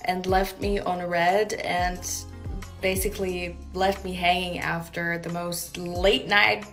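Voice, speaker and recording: A woman's voice: lowish voice, level tone, slow, a bit bright, faint music behind. A woman telling a vlog story about being ghosted, indignant and sarcastic as she picks apart his messages. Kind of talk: confessional vlog rant.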